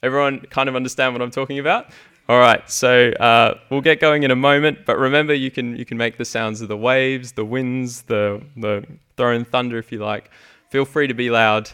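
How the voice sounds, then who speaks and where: A young man preaching a sermon in a church, halting, with many fillers and restarts. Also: mid-range voice, fairly even intonation, a bit bright, clear, resonant tone. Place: church hall with congregation.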